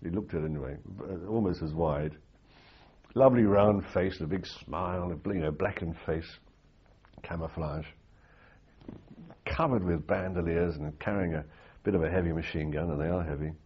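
Older male interviewee, anecdotal storyteller; deep, husky voice on a slightly dull recording. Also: normal speed. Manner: anecdotal, rambling with restarts and fillers. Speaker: interviewee recalling war reporting.

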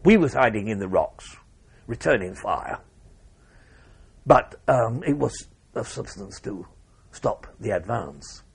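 Gravelly older veteran recalling war. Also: male voice, on the low side, animated. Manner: measured recounting with pauses and restarts. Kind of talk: oral history interview.

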